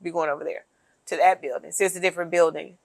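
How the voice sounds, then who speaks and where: A woman's voice: on the low side, steady tone, fast talker, gravelly, darkish tone, no echo. A woman co-hosting a casual political chat, emphatic and sardonic as she lays out her points one by one. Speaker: podcast co-host.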